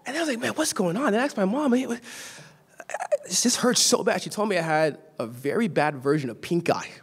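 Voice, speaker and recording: High-voiced young preacher from Los Angeles. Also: male voice, lively intonation, brisk, slightly rough. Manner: storytelling, swings from quiet asides to shouted exhortation. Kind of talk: sermon. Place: church sanctuary.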